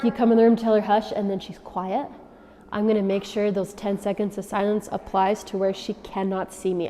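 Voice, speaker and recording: A woman dog trainer giving instructions to dog owners, often checking in with a quick "okay?". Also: mid-range voice, mellow, slight background noise. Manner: coaching, checks in with frequent "okay?". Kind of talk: instructional demonstration. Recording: long reverb.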